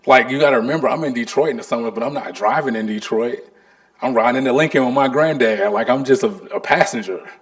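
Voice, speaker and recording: A man's voice: mid-range voice, fast talker. A man, an artist giving a storytelling lecture about his career. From North Carolina. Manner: animated, acts out the people in his stories.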